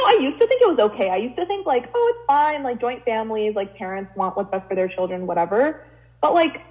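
Young woman, tinny phone-sounding audio, kinda high voice, thinking out loud with lots of likes. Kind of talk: casual chat.

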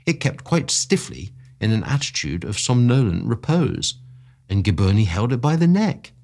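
Husky man reading a story aloud. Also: mid-range voice, normal speed. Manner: expressive, rising with excitement. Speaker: podcast story reader. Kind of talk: scripted narration of a classic story.

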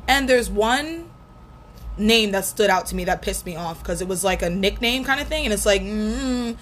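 A woman's voice: mid-range voice, lively intonation, moderate pace, a bit bright. A young woman in her twenties, candidly recounting a painful first breakup in a casual, profane storytelling way. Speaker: vlogger. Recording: faint background noise.

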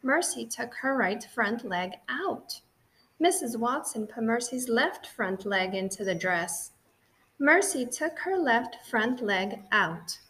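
A woman narrating a children's audiobook in a gentle, clear and expressive way. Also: a little high, slow.

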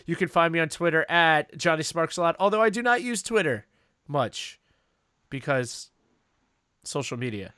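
A man's voice: fairly high pitch, lively intonation, normal speed, long pauses, bright, forceful tone, clear, resonant tone, dry recording, clean studio sound. A man co-hosting a wrestling podcast, chatting casually and telling a long story with many fillers and restarts. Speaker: podcast co-host. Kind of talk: casual chat.

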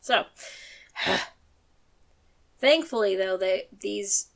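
A woman's voice: medium pitch, lively intonation, very slow, creaky. A woman hosting a true crime podcast in casual chat, swearing freely and turning firm and emphatic when she gets angry. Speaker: podcast host.

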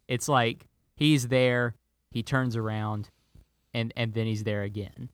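Relaxed man chatting about movies. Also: medium pitch, takes it slowly, no echo. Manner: playful, trades movie impressions. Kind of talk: casual movie chat.

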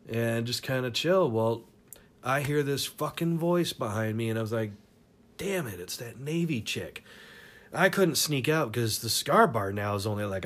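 A man casually telling a crude personal story, rambling and profane, often laughing as he goes. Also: fairly low pitch. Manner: rambling, profane, laughs through his stories.

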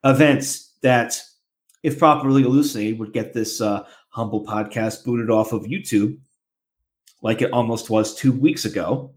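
A man's voice: mid-range voice, unhurried. A man hosting a podcast, making rambling announcements and chatting casually. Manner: rambling announcements with many fillers and restarts. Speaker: podcast host.

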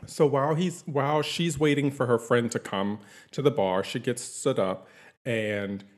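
A man's voice: mid-range voice, unhurried. A man chatting casually, recapping a TV series in a rambling, easygoing way with many fillers. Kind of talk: casual chat.

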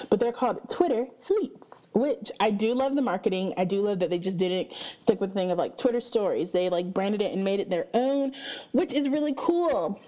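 A young woman in her twenties hosts her own podcast in a loose, chatty way. Her voice is mellow and warm. She pitches in the middle range and often drops in casual fillers. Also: lively intonation, rough recording. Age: 20s. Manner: chatty, upbeat, with frequent fillers and slow stretched greetings. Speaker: podcast host. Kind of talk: casual solo podcast chat.

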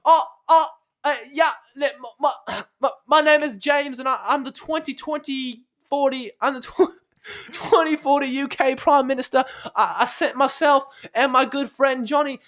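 A man's voice: extremely high pitch, fairly even intonation, moderate pace, a bit bright, pitched above the performer's own voice. A man doing a goofy mock-British bigwig. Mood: silly boasting. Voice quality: exaggerated put-on British accent. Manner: rambling, stammering, laughing through lines. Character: goofy fake British man posing as a future prime minister.

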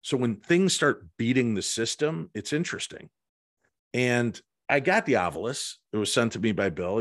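A middle-aged man with a low-pitched voice tells a story in a casual interview. He acts out the lines of the people in it with energy. The sound is dry and close. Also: dry recording. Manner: animated anecdote-teller, acts out voices and lines. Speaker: guest, paranormal investigator.

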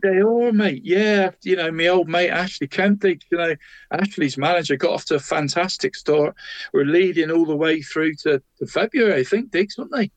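On a local football show, a male co-host with a fairly high voice runs through the weekend results at a normal pace, calling his partner "mate" at every turn. It's a casual round-up, recorded dry with no room sound and a dull, lo-fi quality.

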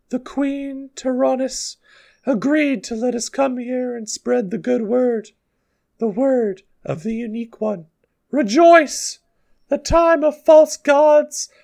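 A man's voice: extremely high pitch, creaky, a little mellow, pitched above the performer's own voice, full character voice. A man voicing a blinded young boy who leads a cult and speaks maturely, like a priest.

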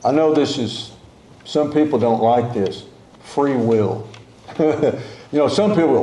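A man's voice: mid-range voice, animated, slow pace, warm tone, a little hiss or hum. A man preaching a sermon to a congregation in a conversational way, repeating key phrases and correcting himself mid-sentence. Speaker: pastor. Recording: echoey room.

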